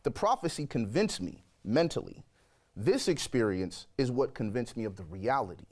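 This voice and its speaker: A man in his forties, a guest telling his own life story in an interview, lively and fond of acting out what people said. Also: medium pitch, normal speed. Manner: animated storyteller, acts out quoted voices. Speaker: guest sharing a conversion testimony.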